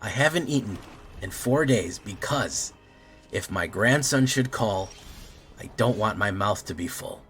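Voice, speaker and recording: A man's voice: fairly low pitch, lively intonation, a bit bright, faint music behind. A man doing a frail old grandma. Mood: feeble. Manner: slow, quavering, plaintive.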